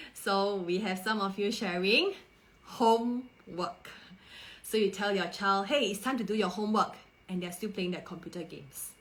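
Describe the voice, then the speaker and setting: A woman's voice: mid-range voice, rough recording. Parenting coach, female, thirties, live-stream host, coaxing and understanding. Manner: warm-toned rhetorical questions, coaxing and empathetic. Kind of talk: live stream talk to viewers.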